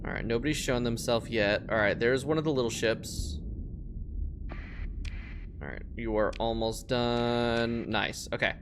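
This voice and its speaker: A man streaming a space game, talking casually over his play, swearing a lot and getting loudly frustrated. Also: medium pitch, a little slow, long pauses, music in the background. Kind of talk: casual live-stream gameplay commentary.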